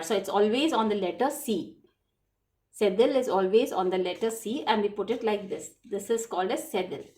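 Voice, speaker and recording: A woman's voice: medium pitch, darkish tone. Woman, children's French teacher; patient, repetitive classroom delivery, spells words letter by letter. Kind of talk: classroom lesson explaining spelling.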